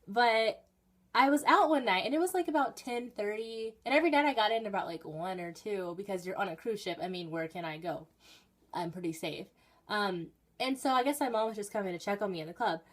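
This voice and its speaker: Teen girl vlogger, chatty and rambling, mid-range voice, talks from her bedroom with sudden excited spikes. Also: mid-range voice, fairly quick. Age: teenager. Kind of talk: casual storytelling vlog.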